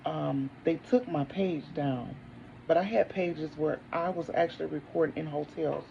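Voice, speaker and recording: Gravelly-voiced testifying single mom. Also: female voice, deep voice, moderate pace, warm tone, lo-fi sound, a little hiss or hum. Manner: preachy, declaring faith, talks to viewers as honey. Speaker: vlogger, single mother. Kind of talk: casual testimony vlog. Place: home, indoors.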